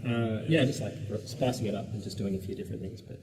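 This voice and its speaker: A man's voice: fairly low pitch, quick pace, a crowd in the background. Rambling Australian man, roomy and distant. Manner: relaxed, rambling, lots of fillers. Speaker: musician guest. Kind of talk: casual radio interview. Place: radio studio. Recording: roomy, distant mic, background noise.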